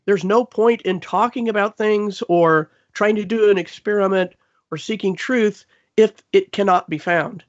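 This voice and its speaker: A woman's voice: medium pitch, highs cut off. A woman speaking as a guest on a live online panel, making an earnest argument.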